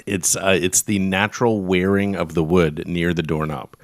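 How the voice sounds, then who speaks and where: A man's voice: sits low, steady tone, normal speed, no room sound. A man co-hosting a casual podcast, playfully and confidently making up mock definitions. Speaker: podcast co-host.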